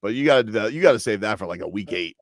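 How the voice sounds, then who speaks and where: Radio sports guy ranting about fans, bouncy pitch, dry close mic. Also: animated, rapid-fire, dry recording. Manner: chatty, riffs with mock quotes. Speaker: radio sports show host. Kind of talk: casual sports radio banter.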